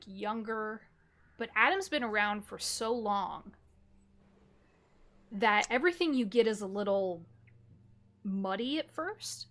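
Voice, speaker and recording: A woman narrating a tabletop game as game master, telling scenes slowly with descriptive detail and fillers. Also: medium pitch, fairly bright tone. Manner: slow, descriptive storytelling with fillers.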